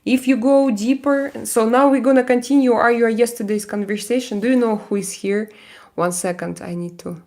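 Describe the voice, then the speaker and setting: A woman with a Russian accent, hosting a casual live stream and answering viewer comments. She talks haltingly, with many fillers and frequent laughs. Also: fairly high pitch, steady tone, darkish tone.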